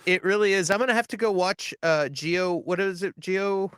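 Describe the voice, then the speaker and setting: A man co-hosting a casual podcast chat, excitable and stumbling over his words. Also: high voice, moderate pace, clear, resonant tone, dry recording, clean studio sound. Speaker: podcast co-host.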